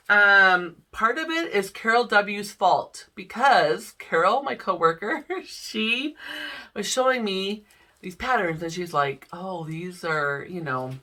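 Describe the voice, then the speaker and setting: A woman's voice: mid-range voice, sharp tone, recorded from a distance. A middle-aged woman chatting casually to camera about her cross-stitch projects, rambling and laughing often. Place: home room.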